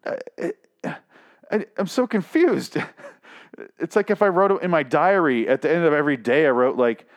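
A man's voice: fairly high pitch, expressive, normal speed. A man reading an article aloud and mocking it with profane, incredulous rants. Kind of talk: comedic reaction commentary.

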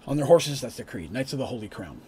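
A man's voice: medium pitch, big pitch swings, quick pace, dark tone, a little hiss or hum. Chatty man recapping a tabletop campaign. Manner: rambling, chatty, with asides and restarts. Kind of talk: casual story recap.

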